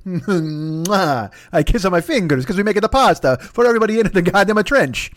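A man's voice: medium pitch, fast, few pauses, no room sound, studio quality. A man hosting a podcast, delivering a rambling, profane, self-mocking comedic rant. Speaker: podcast host.

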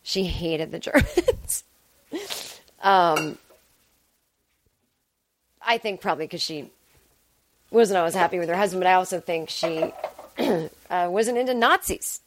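A woman's voice: lowish voice, moderate pace, slight background noise. Chatty, rambling woman. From Boston area, US. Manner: rambling, chatty, self-deprecating, swears freely. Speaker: podcast host. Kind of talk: casual solo monologue.

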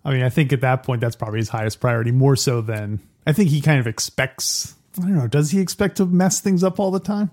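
A man's voice: mid-range voice, fast talker, few pauses, darkish tone. Joking male podcast co-host. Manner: joking, slips into impressions. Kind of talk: casual chat.

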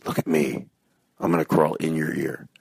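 A man's voice: a bass voice, level tone, normal speed, creaky, breathy edge. A man hosting a podcast, giving a silly, rambling intro spoken into his phone. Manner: playful, silly, rambling asides. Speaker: podcast host. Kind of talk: casual comic intro. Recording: phone-recorded, dry.

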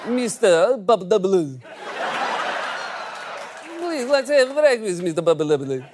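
A man's voice: high voice, sing-song, unhurried, noisy background. A man putting on a mock Russian accent as a smarmy male professor. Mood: sly.

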